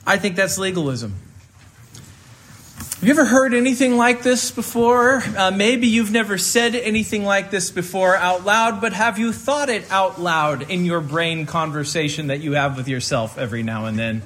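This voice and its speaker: A man's voice: high-pitched, moderate pace, few pauses, fairly bright tone. A man preaching a sermon as pastor, earnest and conversational, with frequent fillers as he explains.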